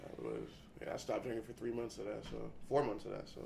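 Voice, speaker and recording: A man's voice: on the low side, sing-song, quick pace, creaky, a crowd in the background. A man hosting a podcast, asking casual interview questions in brief, laid-back turns. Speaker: podcast host.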